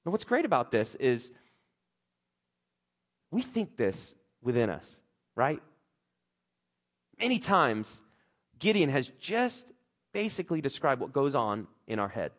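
A man's voice: takes it slowly, pauses often. A man preaching a sermon, acting out scripture characters with big swings in his voice. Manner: animated, acts out characters' lines with big pitch swings. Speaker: pastor.

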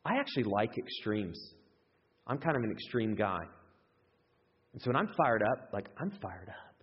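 A man preaching a sermon in an animated way, jumping up in pitch when he acts out excited voices. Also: moderate pace, husky. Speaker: pastor. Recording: echoey hall, dull lo-fi sound.

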